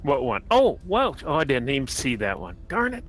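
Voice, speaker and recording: A man on voice chat during a multiplayer trucking game, excitable and quick to laugh. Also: medium pitch, slight background noise. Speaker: fellow player. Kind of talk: casual voice chat while gaming.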